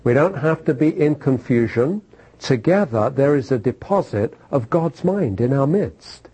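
A man's voice: mid-range voice, animated, measured pace, dark tone, slightly rough, low-quality recording. A man preaching a sermon, repeating phrases for emphasis and asking his listeners questions.

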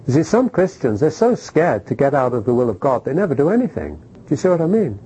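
A middle-aged man preaching a sermon, animated, throwing rhetorical questions at the congregation and checking in with "okay?". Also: fairly high pitch, fast talker, slight background noise, poor audio.

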